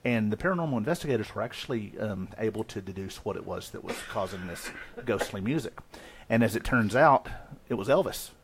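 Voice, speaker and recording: A man's voice: fairly low pitch, lively intonation, brisk, a little hiss or hum. A man hosting a casual paranormal talk show, joking and playful. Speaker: host. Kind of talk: casual radio-show chat.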